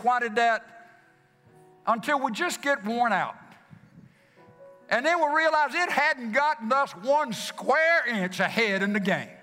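A man preaching a sermon, repeating phrases for emphasis and swinging from loud exclamations down to hushed whispers. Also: high-pitched. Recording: long hall reverb with faint music.

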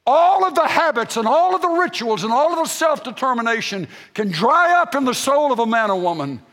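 A man's voice: extremely high pitch, expressive, brisk, a bit bright. Older male preacher in a reverberant hall. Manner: folksy storytelling preacher, rising to emphatic peaks. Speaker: pastor. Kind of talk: sermon.

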